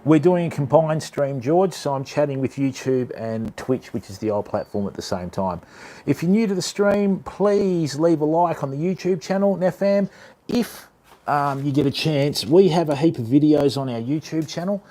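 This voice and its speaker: A man's voice: on the high side, lively intonation, moderate pace, warm tone. Chatty man livestreaming about reels. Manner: chatty, matey, addresses chat as mate and fam. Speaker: livestream host of a fishing channel. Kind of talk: casual livestream chat with viewers.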